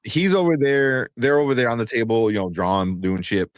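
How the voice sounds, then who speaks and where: A man in his thirties co-hosting a casual movie news stream, telling family stories and acting out quotes in a high voice. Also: brisk, dry recording, clean studio sound. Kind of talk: casual chat.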